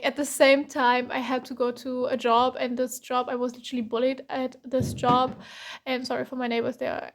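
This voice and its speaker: Young woman, German accent, high voice, flat delivery, casual tarot reading, lots of "like" and "um". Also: normal speed. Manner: casual, chatty, heavy use of "like" and "um". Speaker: tarot reader. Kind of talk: pick-a-card tarot reading.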